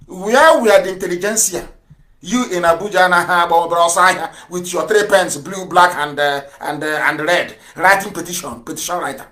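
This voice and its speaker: A man giving an impassioned political radio broadcast, fiery and sarcastic, firing rhetorical questions and breaking into shouts. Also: high voice, normal speed.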